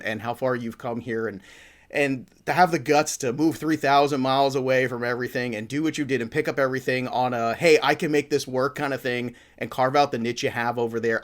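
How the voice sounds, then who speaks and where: A man's voice: mid-range voice, fairly bright tone. A man hosting a fantasy football talk show, joking and enthusiastic, with a rambling, playful manner. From Italian-American family. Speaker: podcast host. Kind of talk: upbeat sports talk.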